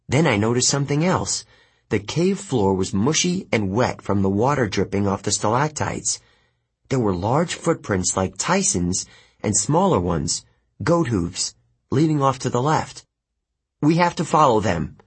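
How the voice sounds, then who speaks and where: Casting: male audiobook narrator, first-person storytelling, airy husky tone. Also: on the low side. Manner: animated storytelling, voices each character. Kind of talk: first-person novel reading.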